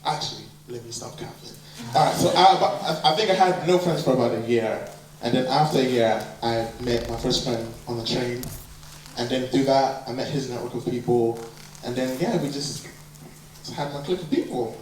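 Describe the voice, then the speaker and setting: A man in his twenties with an American-influenced accent, a producer and worship leader telling his life story in a relaxed, rambling way. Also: mid-range voice, normal speed, slight background noise. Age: 20s. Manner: relaxed, rambling, lots of fillers. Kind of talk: personal life story talk. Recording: very echoey hall, distant mic, audible background.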